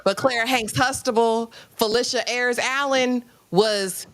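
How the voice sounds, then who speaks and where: A woman hosting a live recap discussion, lively and chatty, acting out lines from the scene. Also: a little high, a little slow, few pauses. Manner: animated, acts out lines from the scene. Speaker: host.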